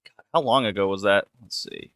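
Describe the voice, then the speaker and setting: A man's voice: on the low side, fairly quick, fairly bright tone, no room sound, clean studio sound. A man hosting a casual podcast chat, laid-back, laughing often and swearing now and then. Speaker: podcast host.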